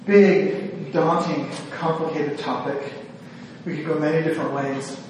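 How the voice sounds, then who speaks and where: A man's voice: a little high, steady tone, unhurried, a little mellow, a little hiss or hum. A man, a psychiatrist, giving an earnest, self-deprecating talk to a gathering, a little nervous and restarting his sentences. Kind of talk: speech to a women's gathering. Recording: echoey hall, distant mic.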